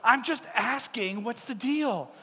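A pastor acting out the young shepherd David, earnest and cocky, in a hall with long reverb. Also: male voice, very high voice, expressive, slow, bright, forceful tone, slightly rough, pitched above the performer's own voice, exaggerated voice. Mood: bold. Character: eager bold young shepherd boy David.

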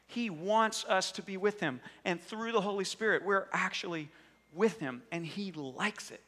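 A young man delivers a lively, conversational sermon, slipping into playful voices as he goes. His voice sits a bit high and comes across bright and forceful. It rings out with the long reverb of a large hall. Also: normal speed. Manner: animated, conversational, acts out voices. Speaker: pastor.

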